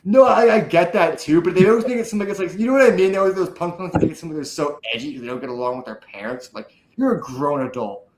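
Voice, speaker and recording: A man's voice: on the high side, expressive, fast talker, hardly any pauses. A man co-hosting a casual podcast chat, rambling and swearing, laughing often. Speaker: podcast co-host. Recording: echoey room.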